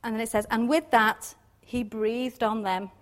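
Woman talking through a bible passage, kinda high voice, laughs a lot, keeps going "doesn't it?". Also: steady tone, measured pace, a bit bright. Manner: chatty, laughs often, many tag questions. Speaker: Bible teacher. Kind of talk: informal devotional talk.

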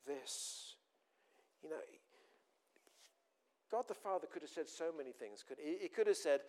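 A man's voice: fairly high pitch, lively intonation, normal speed, a little mellow. A man preaching a sermon, earnest and repeating phrases for emphasis.

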